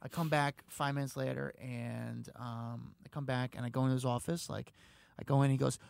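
A man telling stories in a casual chat, animated and acting out the people he quotes. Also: moderate pace, gravelly, no echo. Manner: animated, acts out quotes with big pitch jumps.

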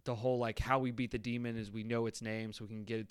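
A man's voice: medium pitch, flat delivery, fast, clear, resonant tone, no room sound, clean studio sound. Laid-back man rambling about movies. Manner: rambling, laughing, acts out quotes. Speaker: podcast co-host. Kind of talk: casual movie review chat.

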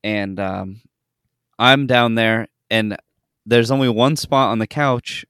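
A man's voice: medium pitch, slow pace, smooth, dry recording, clean studio sound. A young man hosting a podcast, telling a story in casual chat, swearing freely and acting out the people in it. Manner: animated storytelling, swears freely, acts out quotes. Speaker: podcast host.

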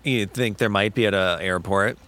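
A man's voice: fairly low pitch, normal speed. Man telling a profane story. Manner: animated, profane storytelling with quoted exchanges. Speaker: podcast co-host. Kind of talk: casual storytelling chat.

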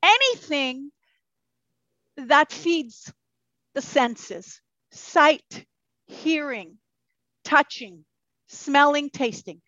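A high-pitched woman chats as a podcast guest, lively and loose-tongued, swearing freely and slipping into voices she quotes. The sound is dry and a little dull. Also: very slow, long pauses, no room sound. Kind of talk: casual interview chat.

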